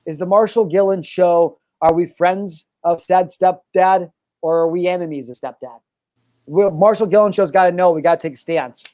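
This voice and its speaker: Casting note: male podcast host, slightly high voice, joking, dry close sound. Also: moderate pace, warm tone, no room sound. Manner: joking, playfully mock-serious. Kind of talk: casual podcast banter.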